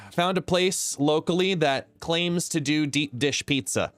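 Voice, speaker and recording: A man's voice: a little high, slow pace, fairly bright tone, dry recording. Chatty male game streamer, dry sound. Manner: chatty, greets viewers by name. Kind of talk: live gameplay commentary and chat. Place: home, seated.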